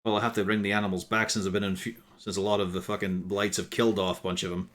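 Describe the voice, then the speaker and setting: A man voicing a gruff, foul-mouthed male woodland caretaker who talks bluntly and sarcastically. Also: fairly low pitch, flat delivery, fast talker, fairly bright tone, close to an everyday voice. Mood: explaining. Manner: blunt, sarcastic and swearing freely.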